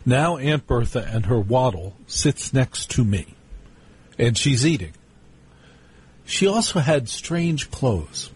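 Radio host guy, husky voice, chatty and wry, spinning a story for callers. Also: medium pitch, a little mellow. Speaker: radio talk show host. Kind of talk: live call-in radio monologue.

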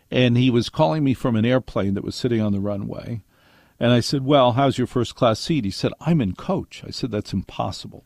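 A man's voice: medium pitch, a little mellow, no room sound, clean studio sound. An older man hosting a radio show, telling wry stories to his listeners and acting out quotes along the way. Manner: wry storytelling with acted quotes. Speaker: radio host. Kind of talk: monologue to listeners.

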